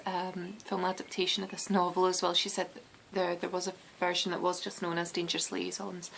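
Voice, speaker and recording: With a gravelly, slightly bright, mid-range voice, a Scottish woman hosts a knitting podcast in a low-quality recording. Her casual chat wanders, full of ums and false starts.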